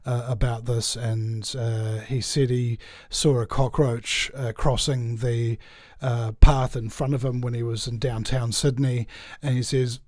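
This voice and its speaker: Talk show host, New Zealand accent, mid-pitched man, rambly, dry close mic. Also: little pitch movement, a little slow, a little mellow, dry recording. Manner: rambling, lots of uh fillers and restarts. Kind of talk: casual chat.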